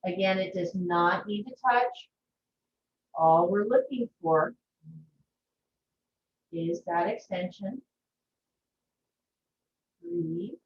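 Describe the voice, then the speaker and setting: A woman teaching a yoga class over a video call, giving slow, gentle, soothing cues. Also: lowish voice, slight background noise. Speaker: yoga instructor. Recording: far-off, echoey, muffled video-call audio.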